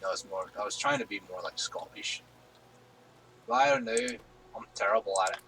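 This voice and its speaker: Guy streaming games on a headset, lowish bright voice, rambly and easygoing. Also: wildly swooping pitch, brisk, vocal fry, low-quality recording. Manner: rambling, easygoing, lots of fillers. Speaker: streamer host. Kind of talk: casual gaming stream chat.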